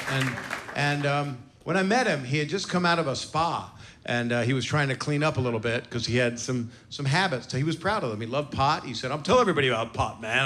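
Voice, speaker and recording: A man in his sixties doing a brash, profane stand-up set, teasing the crowd between stories on a stage mic. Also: mid-range voice. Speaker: stand-up comedian. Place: comedy club stage before a live audience. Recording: noisy live club recording.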